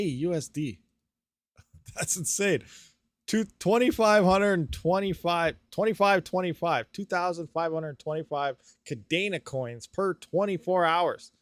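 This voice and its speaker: A man hosting a live stream, thinking aloud through calculations with excitable bursts and laughs. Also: high-pitched, no room sound. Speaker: crypto mining streamer.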